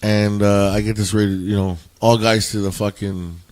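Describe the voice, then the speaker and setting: A man, a former bouncer and podcast guest, telling a story in an animated, profane way. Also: fairly low pitch, moderate pace. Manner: animated, swears a lot. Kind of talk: casual storytelling. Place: indoors, home.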